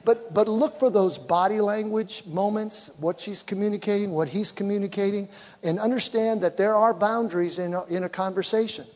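High-voiced man preaching in a hall. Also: fairly even intonation, moderate pace, a little mellow. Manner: conversational, acts out quoted voices. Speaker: pastor. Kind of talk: sermon on communication. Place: church. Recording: long reverb of a hall.

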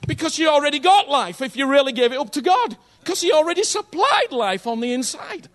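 A man's voice: very high-pitched, animated, fairly quick, a bit bright. A man preaching a sermon in a conversational, earnest way, often checking in with his listeners and repeating phrases for emphasis.

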